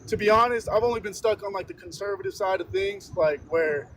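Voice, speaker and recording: A man in a car passenger seat calling in on his phone, talking in relaxed slang and swearing. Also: sits high, fairly quick, slight background noise, low-quality recording. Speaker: caller. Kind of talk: casual call-in chat.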